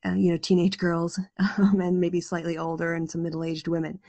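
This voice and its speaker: A woman hosting a casual panel discussion, explaining her points in a measured way. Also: lowish voice, completely flat delivery, mellow, dry recording.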